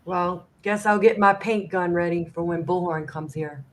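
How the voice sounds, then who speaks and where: A woman guesting on a casual livestream panel, chatting easily in a lowish voice. She laughs readily and talks freely between remarks. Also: fairly even intonation, normal speed, poor audio. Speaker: panel guest, fellow streamer.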